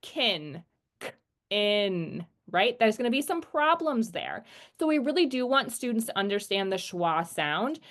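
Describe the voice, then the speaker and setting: A woman's voice: fairly high pitch, lively intonation. Patient woman teaching a phonics lesson. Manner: patient, explains slowly and models sounds.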